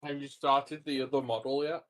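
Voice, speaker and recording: A sleepy man chatting casually and tossing in dry, deadpan jokes. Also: medium pitch, moderate pace. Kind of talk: casual chat.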